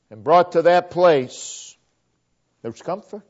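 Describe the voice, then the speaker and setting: A man delivers a sermon in an unhurried, deliberate way, hammering phrases through repetition. His voice sits high for a man and lurches from ringing emphasis down to near-whispers. The recording sounds muffled and lo-fi. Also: expressive. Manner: dramatic, swinging from loud emphasis to hushed near-whispers. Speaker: preacher. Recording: dull lo-fi recording.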